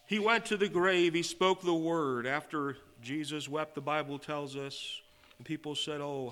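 Bright-voiced man preaching with rising fervor. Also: medium pitch. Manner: swells from quiet asides to loud emphatic declarations; reads and quotes scripture in old-fashioned wording. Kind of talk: sermon.

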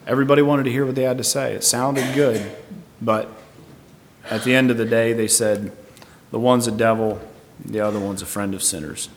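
Thoughtful preacher in a reverberant hall. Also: male voice, medium pitch, steady tone, normal speed, a little hiss or hum. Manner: thoughtful, tentative, explaining verse by verse. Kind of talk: Bible teaching sermon. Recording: long reverb.

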